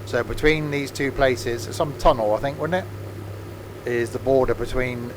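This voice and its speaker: A man's voice: medium pitch, fairly even intonation, measured pace, background noise. A man streaming a train simulator live, chatting and rambling as he counts off the stops. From England. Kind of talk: live game commentary.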